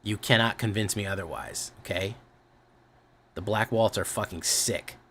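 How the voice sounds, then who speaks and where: Low-voiced rambling male streamer. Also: normal speed, a bit bright, slight background noise. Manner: rambling, swears casually, self-correcting. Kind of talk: casual stream chat.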